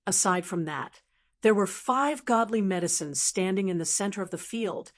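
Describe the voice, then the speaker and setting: A woman narrating a fantasy novel audiobook in an even, steady reading. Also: mid-range voice, normal speed.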